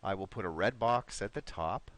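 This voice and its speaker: A man's voice: sits low, moderate pace, a bit bright. A man teaching an online English lesson, patiently encouraging his students and modeling pronunciation word by word.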